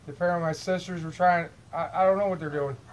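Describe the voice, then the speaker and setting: A man's voice: fairly high pitch, fairly even intonation, a little fast, low-quality recording. A middle-aged man from Illinois, rambling to camera at home in an aggrieved tone, often repeating words as he restarts. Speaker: vlogger. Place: at his home.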